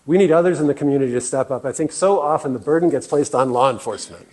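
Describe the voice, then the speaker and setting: Earnest man with a mellow voice. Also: mid-range voice, fast talker. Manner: earnest, with fillers and restarts. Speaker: guest speaker. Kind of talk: presentation talk. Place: meeting room.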